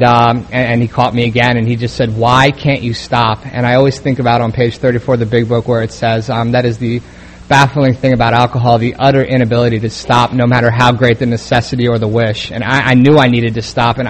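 A young man sharing his story of getting sober, in a flat, level voice that hardly rises or falls. He speaks haltingly, often stopping on fillers and starting over, with a faint hiss behind him. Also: medium pitch. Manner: halting, many fillers and restarts. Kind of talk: personal testimony.

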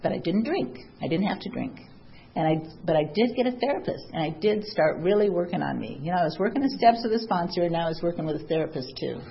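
A woman's voice: on the low side, animated, quick pace, vocal fry, muffled recording, a little hiss or hum. A woman from Southern California telling her recovery story in a candid, chatty way, full of fillers and wry humor. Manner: candid and chatty, many "you know" fillers, wry laughs. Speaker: speaker sharing at a recovery meeting. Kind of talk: personal recovery story, casual.

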